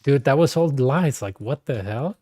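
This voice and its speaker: Mellow-voiced man telling rambling stories. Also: medium pitch, animated, normal speed. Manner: rambling storyteller, heavy slang and fillers. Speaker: streamer. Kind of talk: casual chat while gaming.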